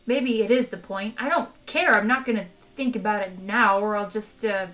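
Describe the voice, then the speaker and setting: A woman voicing a squeamish young man who protests in a high, strained voice. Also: moderate pace, fairly bright tone, close to an everyday voice. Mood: horrified. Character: squeamish young Englishman, horrified.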